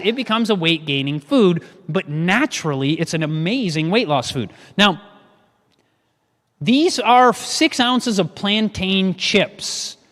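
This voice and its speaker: A man with a high voice leads a live cooking class, lively and full of questions for his listeners. His voice rings out with a long reverb, as if he were in a church hall. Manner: lively, asks the audience questions.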